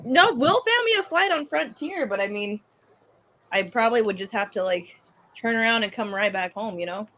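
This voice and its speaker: A woman's voice: on the high side, animated, moderate pace, a bit bright. Frank, crude-talking woman podcast co-host. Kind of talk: casual chat. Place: restaurant, eating.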